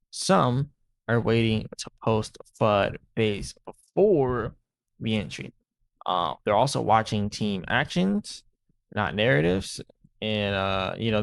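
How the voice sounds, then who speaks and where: A man's voice: mid-range voice, gravelly, no echo. A man hosting a crypto channel, talking through market moves in a rambling, casual way and often tossing in "right?".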